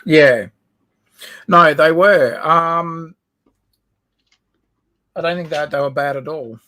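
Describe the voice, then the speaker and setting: A man's voice: a little high, slow pace, sharp tone, no room sound. An Australian man co-hosting a livestream, rambling and giggling, with lots of ums and restarts. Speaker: livestream co-host. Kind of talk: casual chat.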